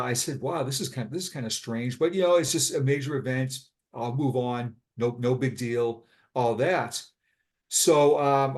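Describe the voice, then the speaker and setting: This is a blunt, frank man in his fifties, a retired Boston police sergeant with a local accent, recounting his life in a relaxed interview. His voice sits at a medium pitch with a slightly mellow quality.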